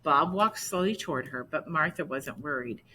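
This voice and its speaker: A woman reading a picture book aloud slowly, adding explaining asides to listeners. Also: low voice, expressive, pushed and bright, a little hiss or hum, poor audio. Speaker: storybook reader.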